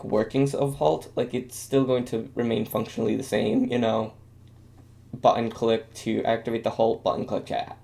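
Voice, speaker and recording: Gravelly young man rambling casually. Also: medium pitch, mellow. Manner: rambling, self-deprecating, many fillers. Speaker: video game commentator. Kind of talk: casual commentary while drawing.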